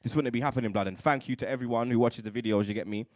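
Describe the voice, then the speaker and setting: Male fan guest, slangy, animated, medium pitch. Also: very fast. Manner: heavy street slang, animated, laughing asides. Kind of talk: casual chat.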